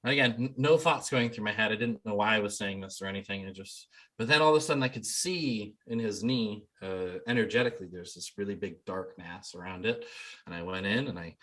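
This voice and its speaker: Bright-voiced man telling his story. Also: fairly low pitch, fairly quick. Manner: rambling, with many ums and restarts; acts out quoted people in a livelier voice. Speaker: shamanic healer, interview guest. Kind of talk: casual storytelling.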